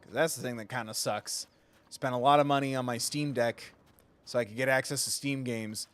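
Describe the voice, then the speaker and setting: Man, gaming livestreamer, casual rambling talk, cusses a lot, mid-pitched voice. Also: fairly even intonation, normal speed, clear, resonant tone. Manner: rambling, swears freely. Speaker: gaming streamer. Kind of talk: casual live gameplay commentary.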